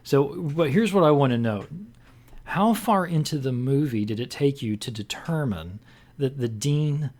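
Guy hosting a movie podcast, kinda rambly, lots of uhs and restarts, average pitch. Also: lively intonation, measured pace, darkish tone. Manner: rambling, full of fillers and restarts. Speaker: podcast co-host leading discussion. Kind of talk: casual film discussion.

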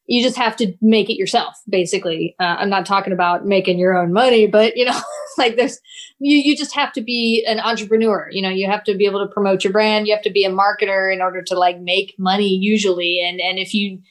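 A woman's voice: mid-range voice, steady tone, brisk. A woman artist and teacher, a guest in an interview, talking thoughtfully with frequent laughs. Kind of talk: casual interview chat.

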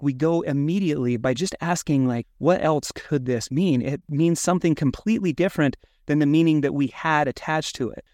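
Male podcast co-host, casual and animated, acts out his inner thoughts, dry studio sound. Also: medium pitch, no echo.

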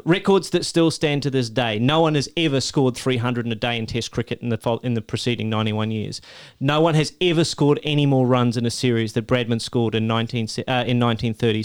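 A man's voice: mid-range voice, fairly even intonation, fast, hardly any pauses, clean tone. A man co-hosting a casual podcast, telling a story with enthusiasm, correcting himself as he goes. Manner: enthusiastic, stat-heavy, self-correcting. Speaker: podcast co-host.

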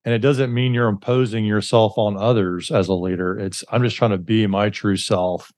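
A man's voice: lowish voice, steady tone, moderate pace, a little mellow, no echo. A man hosting an interview, asking rambling questions and affirming his guest. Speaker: podcast host. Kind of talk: interview conversation.

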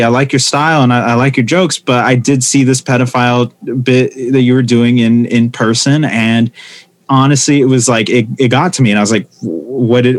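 Man, comedian, casual chat, lively storytelling, acts out quotes, medium pitch. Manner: animated storytelling, acting out quoted voices. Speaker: stand-up comedian. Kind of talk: casual conversation.

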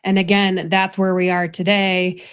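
A woman's voice: medium pitch, little pitch movement, normal speed, clear, resonant tone. A woman hosting a podcast, thanking her guest in an appreciative tone. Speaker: podcast host. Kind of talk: podcast wrap-up.

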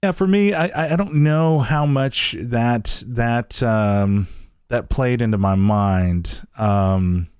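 A man's voice: fairly low pitch, a little mellow, clear, resonant tone, no room sound, studio quality. A man co-hosting a review podcast, chatting casually and hesitantly with many fillers and easy agreement. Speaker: podcast co-host.

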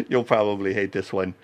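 A man hosting a podcast, talking in a rambling, halting way with many restarts and frequent laughter. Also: on the low side. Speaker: podcast host. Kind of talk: casual interview chat.

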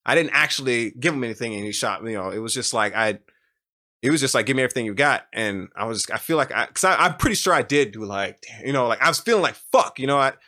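A man's voice: medium pitch, lively intonation, fast, pushed and bright. A young man telling his story in a casual, rambling way with many fillers and restarts.

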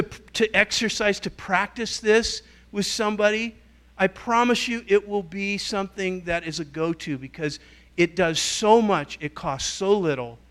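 His voice a little high, a middle-aged man leads a teaching talk as a guest church leader. He tells stories in an animated way and acts out the voices of the people he quotes.

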